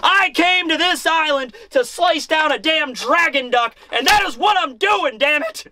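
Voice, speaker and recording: A man's voice: high voice, normal speed, no room sound. A man ranting as a furious hot-headed swordsman. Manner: ranting, shouting in frustration.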